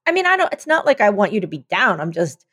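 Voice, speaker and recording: A woman co-hosting a podcast in casual chat. She sounds tired, with a scratchy throat. Her delivery is dry and deadpan. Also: medium pitch, fast talker, slightly rough. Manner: deadpan, weary, dry humor. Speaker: podcast co-host.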